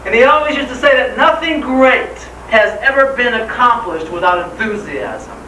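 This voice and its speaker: A man with a very high, bright voice gives an enthusiastic motivational talk, tossing rhetorical questions at the crowd. He sounds distant from the mic, his voice ringing through a roomy hall over a faint hum. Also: lively intonation, moderate pace. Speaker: motivational speaker. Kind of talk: live seminar speech. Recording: echoey hall, voice from far off.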